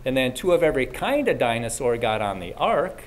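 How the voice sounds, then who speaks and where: A man's voice: medium pitch, big pitch swings, fairly quick, a little hiss or hum. A man giving a casual talk to a live audience as a Christian speaker. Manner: casual, conversational, frequent restarts.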